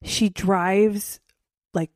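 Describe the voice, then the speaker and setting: A woman's voice: mid-range voice, drawn-out words, no room sound, studio quality. Gushing woman in casual podcast chat. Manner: excited, gushing, acts out quotes. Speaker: podcast host.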